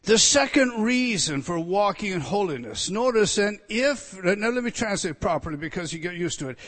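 Impassioned preacher with a high, ringing voice. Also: male voice, expressive, moderate pace, hardly any pauses, long reverb tail. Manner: swings from loud emphatic declarations to hushed, intense near-whispers; direct address to listeners, rhetorical questions. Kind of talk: expository sermon.

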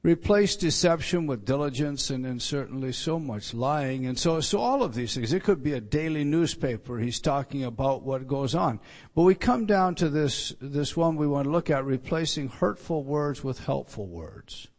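A man's voice: medium pitch, lively intonation, normal speed, hardly any pauses, darkish tone. A male pastor preaching an evening sermon, reading scripture aloud and stressing key words, with frequent restarts.

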